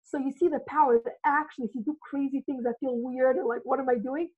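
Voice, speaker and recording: A high-pitched woman talks eagerly about loving yourself, her voice thin and boxy like it's coming down a phone line. She tells her stories with energy and slips into the voices of the people she quotes. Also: fast, breathy edge. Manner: excited, animated, acts out quoted dialogue. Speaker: self-love coach, guest. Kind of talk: enthusiastic motivational storytelling. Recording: phone-like narrow audio.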